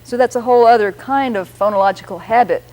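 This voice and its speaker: A middle-aged woman, a linguist explaining language structure on a radio show, patient and slowing down to demonstrate sounds. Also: a little high, dark tone, low-quality recording.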